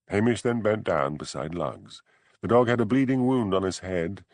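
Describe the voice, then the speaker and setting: A man reading an audiobook narration in a measured, expressive storytelling manner. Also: fairly low pitch, dry recording. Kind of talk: scripted narration.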